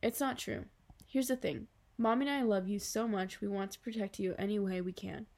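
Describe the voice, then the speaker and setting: A woman plays a middle-aged father in a storybook reading, playful and quick to tease. He turns excitable and animated as he jokes. The read stays clear and close. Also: mid-range voice, close to an everyday voice. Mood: gentle.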